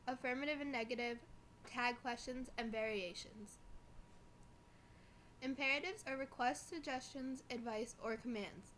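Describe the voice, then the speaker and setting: A young woman reading a school presentation from notes, slowing down on the examples. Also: fairly high pitch, a bit bright, slight background noise. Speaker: student presenter.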